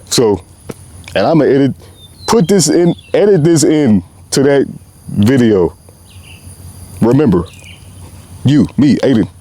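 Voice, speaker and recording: A man's voice: medium pitch, lively intonation, takes it slowly, long pauses, dark tone. A young man hosting his own show, talking passionately in a loose, rambling way with lots of slang, outdoors. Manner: passionate, rambling, slangy, often says "bro". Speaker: podcast host. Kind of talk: unscripted heartfelt monologue.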